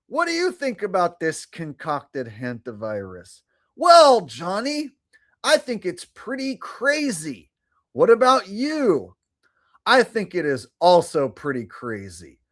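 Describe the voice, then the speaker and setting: A man voicing goofy made-up Wild West gunslingers, in a high, strained, overdone voice with a mock-formal, clueless manner. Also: fairly bright tone, exaggerated voice.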